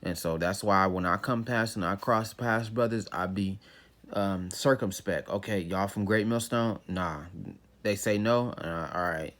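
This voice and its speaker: A man's voice: low voice, a little slow, fairly bright tone. A man teaching scripture in a loose, conversational way, reading verses and then explaining them in everyday slang, often saying "you know what I'm saying.".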